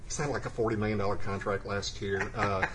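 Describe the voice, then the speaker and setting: A man's voice: on the low side, flat delivery, quick pace, noisy background. A man co-hosting a casual podcast, chatting about cigars and sports in an easygoing way, often laughing and trailing off with fillers. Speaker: podcast co-host.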